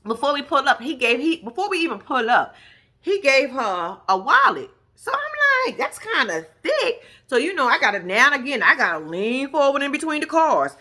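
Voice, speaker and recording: A woman's voice: high voice, brisk. A woman telling a story in a casual, profane vlog, acting out what everyone said in her own voice. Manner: animated, profane, acts out others' lines. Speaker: storyteller recounting a reality-show shoot.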